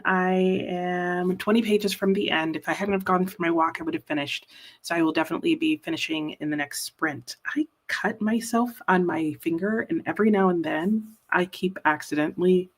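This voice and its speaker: A woman hosting a live reading stream, chatting casually and rambling about books while teary. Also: on the low side. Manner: chatty, rambling, laughs easily. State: teary, emotional. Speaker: livestream host. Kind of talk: casual chat.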